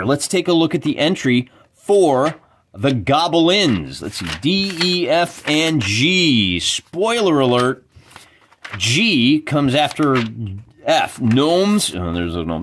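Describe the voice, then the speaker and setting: Male host, upbeat and animated, reading rules aloud with a slightly high, very expressive voice. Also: slow pace, a little hiss or hum. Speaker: wargaming video host. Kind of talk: casual explanatory talk.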